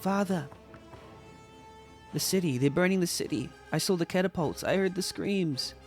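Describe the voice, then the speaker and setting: A man's voice: sits high, normal speed, faint music behind, voice pushed up, natural voice. A man voicing a frightened young princess who pleads with her father. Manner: pleading, breathless.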